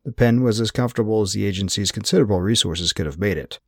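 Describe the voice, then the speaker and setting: A man giving a wry, measured first-person narration of an audiobook. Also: on the low side, slightly rough, no room sound, studio quality.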